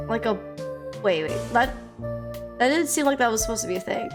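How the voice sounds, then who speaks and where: A woman's voice: on the high side, lively intonation, a little fast, long pauses. A young woman streaming a game, chatting casually, laughing often and exclaiming as she acts out characters for a joke. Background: faint game music.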